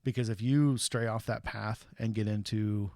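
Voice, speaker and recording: A man's voice: lowish voice, normal speed, dry recording. Guy in his thirties telling old stories on a stream, does the voices, real dry mic. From USA. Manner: animated storyteller who acts out quotes. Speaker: stream host. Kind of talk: casual storytelling.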